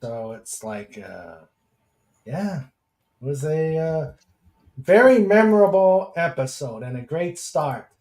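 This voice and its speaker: A male host with a fairly high voice chats on a casual podcast stream. He takes his time, drawing his words out, and drops plenty of fillers and chuckles between his remarks as he reads viewer comments. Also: expressive, slow pace, a little mellow. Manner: chatty, chuckling, with many fillers.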